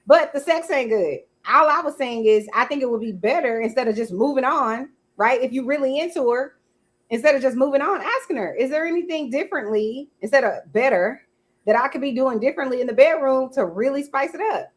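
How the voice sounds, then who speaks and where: A woman's voice: sits high, a little fast. A woman hosting a casual live-streamed talk show, arguing her point and greeting viewers by name. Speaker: host. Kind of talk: casual podcast debate.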